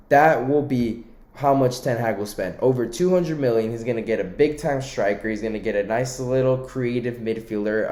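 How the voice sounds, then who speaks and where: A young man, ranting casually about football in a heated, animated way. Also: medium pitch, reverberant. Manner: animated, ranting, uses "mate" and "lad". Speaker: football commentator. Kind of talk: casual opinion rant.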